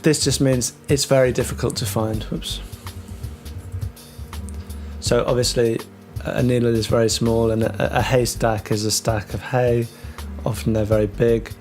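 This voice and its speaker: A man teaching English vocabulary, talking through words with many ums and restarts and slowing down on the key terms. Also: mid-range voice, a little mellow. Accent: British English. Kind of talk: explaining vocabulary to learners.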